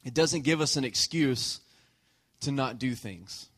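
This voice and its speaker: A man's voice: mid-range voice, unhurried, a bit bright, husky. A male pastor preaching a conversational sermon, joking and checking in with the congregation.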